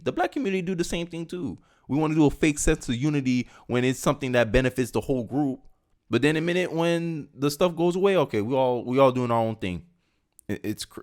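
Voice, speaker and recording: A young man hosting a casual political commentary video, reading news aloud and reacting with animated, conversational asides. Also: mid-range voice. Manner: animated and conversational, slipping into mocking voices.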